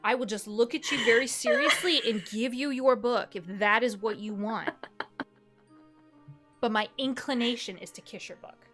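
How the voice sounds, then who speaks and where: Woman streamer, higher pitch, animated and profane storyteller. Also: normal speed, soft background music. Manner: animated storyteller, swears freely, laughs often. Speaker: streamer co-host. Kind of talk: casual chat on a live stream.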